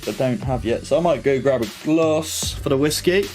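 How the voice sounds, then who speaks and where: A man's voice: medium pitch, normal speed, darkish tone. A young man chatting casually on a live football watch-along stream, full of slang and reading comments from his chat. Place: home. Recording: faint music behind.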